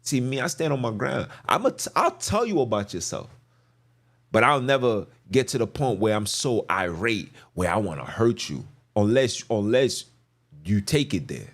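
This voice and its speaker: A man's voice: on the low side, sing-song, normal speed, a bit bright. A man hosting a podcast, preaching on scripture in an emphatic, slangy way, repeating phrases for stress. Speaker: podcast host.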